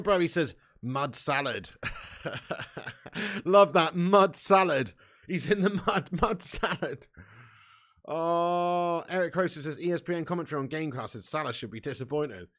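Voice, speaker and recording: Running a live football watch-along stream, a young man commentates, reads chat messages, and trades banter laced with swearing. His voice is on the high side, animated, at a normal pace. He swings between downbeat muttering and bursts of shouting and laughing.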